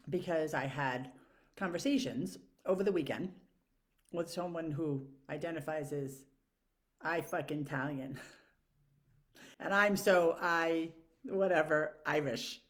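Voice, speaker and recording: Low-voiced woman in a frank monologue. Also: measured pace, pauses often. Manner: frank, profane, rambling with fillers. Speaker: vlogger. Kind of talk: casual monologue to camera.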